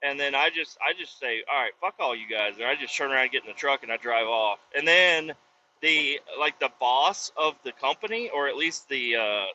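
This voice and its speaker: A man casually telling a profane, animated story from inside his pickup truck with the windows down, recorded on a phone. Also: mid-range voice, moderate pace. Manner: profane, animated, acts out voices in retelling. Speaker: vlogger and truck driver. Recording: slightly dull lo-fi audio, faint road noise.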